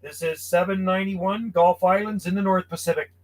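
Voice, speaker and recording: In a rough recording, a friendly, chatty man in his 50s calls out call signs from his home radio room on CB radio. His voice is high with a steady tone, and he talks briskly in casual radio calls and chat.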